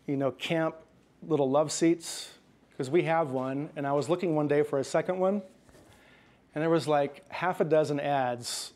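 A man preaching a sermon in a conversational way, checking in with the congregation and slowing down softly when he quotes scripture. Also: on the high side. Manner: conversational preaching with frequent "right?" and "okay?"; slows and softens when quoting scripture. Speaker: pastor.

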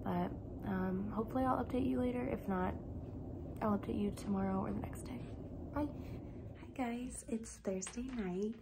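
A young woman vlogging casually about crochet, rambling with lots of fillers, her voice hoarse and half-whispered as she feels unwell. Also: on the high side, normal speed, background noise. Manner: rambling, filler-heavy, slips into soft whispery phrases. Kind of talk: casual vlog chat.

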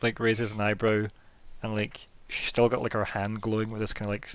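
A man's voice: on the low side, completely flat delivery, brisk, fairly bright tone, clean tone, dry recording. A man narrating as game master in a tabletop role-playing session, loose and chatty, often breaking into laughs.

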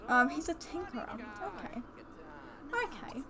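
A young woman chatting excitedly while commentating a life-sim game, gasping and exclaiming often. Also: sits high, unhurried, a crowd in the background. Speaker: let's play host. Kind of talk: casual gameplay commentary.

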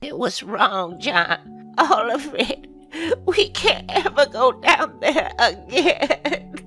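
A man's voice: sits high, huge pitch swings, unhurried, vocal fry, pushed and bright, faint music behind, voice pushed up, exaggerated voice. A man voicing a frail, forgetful old woman who wavers and drifts into distress in a horror story. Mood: distraught.

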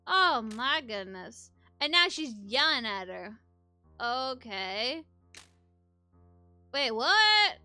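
A woman giving let's play commentary, reacting to the game with excitable, flustered exclamations. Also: high voice, slow pace, no echo, faint music behind. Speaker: gameplay commentator.

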